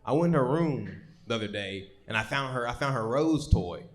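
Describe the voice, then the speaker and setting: A man's voice: mid-range voice, expressive, brisk. A young man doing a live stand-up set on a comedy stage, telling rambling, profane stories with lots of stammered restarts. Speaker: stand-up comic.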